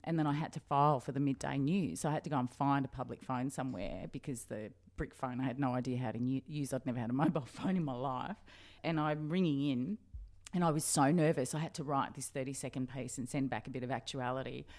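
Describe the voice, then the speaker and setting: A middle-aged Australian woman, a journalist guest, telling animated stories with frequent laughter. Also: rumbling low, quick pace. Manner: animated, laughing, acts out past dialogue. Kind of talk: storytelling interview.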